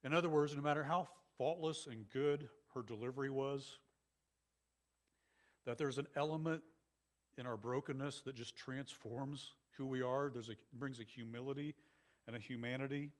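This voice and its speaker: A male pastor giving a sermon in a conversational, animated style with many asides to the congregation. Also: mid-range voice, normal speed.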